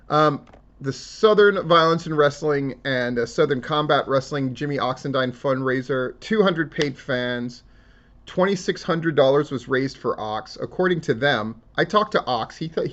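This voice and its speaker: A man's voice: medium pitch, fairly bright tone, muffled recording. A man giving casual solo commentary on wrestling news, talking in a profane, rambling and emotional way. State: tearing up.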